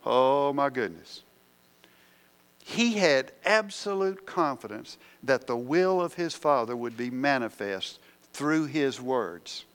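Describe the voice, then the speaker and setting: A man's voice: medium pitch, animated, slow, a bit bright. A man preaching a sermon, asking the congregation questions as he works through the verses.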